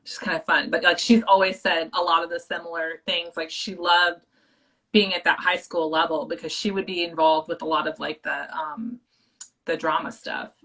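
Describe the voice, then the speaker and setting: A woman's voice: fairly low pitch, fairly even intonation, moderate pace, a bit bright, poor audio. A woman hosting a book club video chat, talking casually with lots of fillers. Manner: supportive, chatty, filler-heavy.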